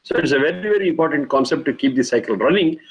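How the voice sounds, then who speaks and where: A man's voice: a little high, expressive, fast, rough recording. A middle-aged man, teaching a lecture on Vedic mantras, explaining patiently and repeating key phrases.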